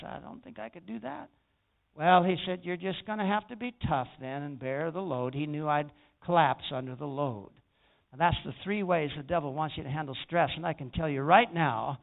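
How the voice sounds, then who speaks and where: Male pastor, storytelling sermon with emphatic swells, somewhat high voice, lo-fi phone sound. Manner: storytelling preacher, rising to emphatic peaks.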